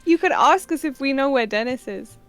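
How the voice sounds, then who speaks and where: A woman at a tabletop game talks casually and hesitantly, with giggles between her words. Her voice sits high and moves up and down a lot. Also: animated, brisk, soft background music. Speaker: player.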